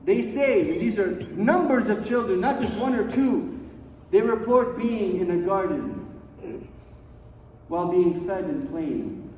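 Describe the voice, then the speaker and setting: High-voiced preacher in an echoing hall. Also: male voice, expressive, slight background noise. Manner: swings from hushed low lines to loud high emphatic ones; recites Arabic verses quickly in a chanting tone. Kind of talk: sermon. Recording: echoey hall, voice far from mic.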